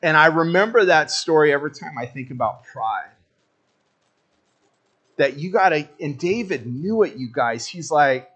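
A man's voice: a little high, lively intonation, moderate pace, fairly bright tone, dull audio. A man preaching a sermon as pastor, casual and joking, talking straight to the congregation.

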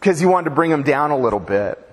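A man's voice: on the high side, lively intonation, quick pace. A man preaching a sermon as pastor, casual and joking, with slangy storytelling. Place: church with a long reverb. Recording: church hall reverb.

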